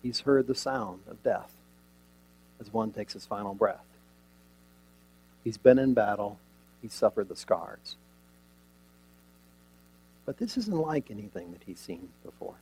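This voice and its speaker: A man preaching a sermon, retelling a scene dramatically with rhetorical questions and sudden shifts from loud emphasis to near quiet. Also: on the low side, lively intonation, measured pace, pauses often, husky, low-quality recording.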